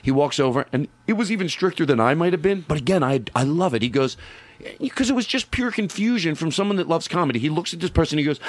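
Middle-aged man, lively swooping voice, fairly high, dry close sound, casual storyteller. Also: fast talker, dry recording. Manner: animated storyteller, acts out quotes with big pitch jumps. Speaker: podcast host, comedian. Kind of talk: casual conversation about comedy clubs.

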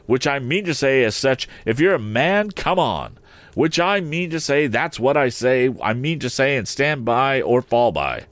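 A man's voice: medium pitch, sing-song, unhurried, fairly bright tone, no echo, pitched above the performer's own voice. A man voicing an indignant burly village blacksmith who blusters and repeats himself. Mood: defiant. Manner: blustering, repetitive challenge.

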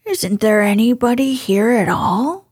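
A woman voicing a cheerful, simple male teddy bear in a gentle, unhurried way. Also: a little high, lively intonation, slightly rough.

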